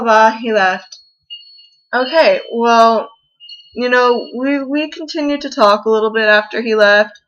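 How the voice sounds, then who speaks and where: A young woman talks into a camera mic in her bedroom, her confessional vlog full of fillers, restarts and halting turns. She sounds upset and close to tears. The recording is a little dull and lo-fi. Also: mid-range voice, fairly bright tone. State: tearful, upset. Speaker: vlogger.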